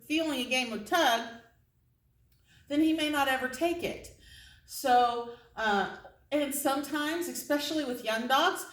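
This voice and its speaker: A woman dog trainer in a casual, chatty way, explaining how to start a tug game with a dog in an instructional video, with high, excited praise for her dog during play. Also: roomy sound, distant mic, poor audio. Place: indoor training space with other dogs around.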